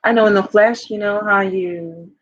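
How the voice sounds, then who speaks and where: Husky woman talking in a rambling way. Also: mid-range voice, steady tone, moderate pace, no echo. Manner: rambling, confessional, many fillers. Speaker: life coach. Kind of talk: personal vlog. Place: home by a fire. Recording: dull lo-fi sound.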